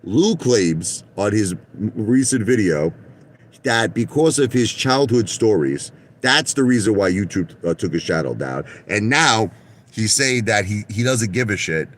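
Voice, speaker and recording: A middle-aged man with a very low voice rambles blunt, profane stories from the seat of his parked car. He stumbles and restarts his sentences as he talks straight to his viewers. A faint noise sits under the recording. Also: big pitch swings, unhurried. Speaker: vlogger. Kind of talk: casual rambling monologue.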